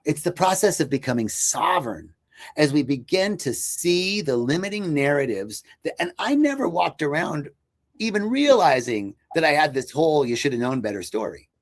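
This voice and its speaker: Here a man with a slightly high, sing-song voice talks at normal speed. Guesting on a podcast, he tells the story of his spiritual path with earnest searching, stumbling through many fillers and restarts.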